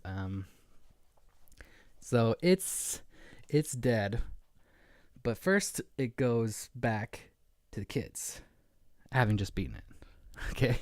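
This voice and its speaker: A man's voice: mid-range voice, no room sound, studio quality. A man co-hosting a casual book discussion podcast, eagerly retelling the plot. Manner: excited, retells plot in quick bursts. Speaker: podcast co-host.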